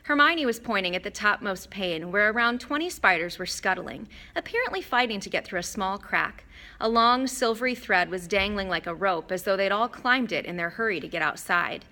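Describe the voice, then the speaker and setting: A woman reads a children's novel aloud, steady and expressive. Her voice is bright and her pitch moves in a lively way through each sentence. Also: moderate pace. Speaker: audiobook narrator. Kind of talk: scripted narration.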